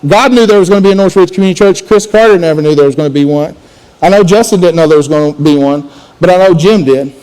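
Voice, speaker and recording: A man's voice: high-pitched, fast talker, a little mellow, clear, resonant tone, poor audio. A man preaching a conversational sermon as a student pastor, often restarting and repeating words.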